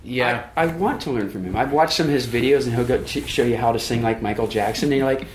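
A man's voice: medium pitch, quick pace. A man chatting loosely and jokingly as a guest on a podcast, recorded in a roomy space. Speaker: band member guest. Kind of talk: casual conversation. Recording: roomy live room sound with faint noise.

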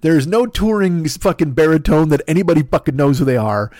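A man's voice: a little high, fairly quick, a little mellow, no room sound, studio quality. A man ranting as a comedy podcast host, profane, sarcastic and rambling. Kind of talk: comedic rant.

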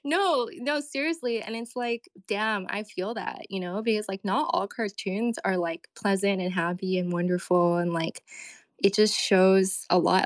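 A young woman co-hosts a casual online talk show, chatting in a rambling way with plenty of fillers. Her mid-range voice moves at a normal speed, and the recording is dry.

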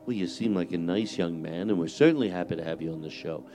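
A man putting on an older male game show host, with slow, genial patter full of drawn-out "wells". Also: sits low, dark tone, pitched below the performer's own voice, natural voice.

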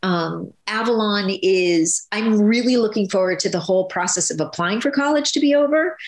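A woman's voice: medium pitch, lively intonation, moderate pace, low-quality recording. A woman in her fifties, a guest actress, talking in a gushing, rambling way full of restarts. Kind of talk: casual interview.

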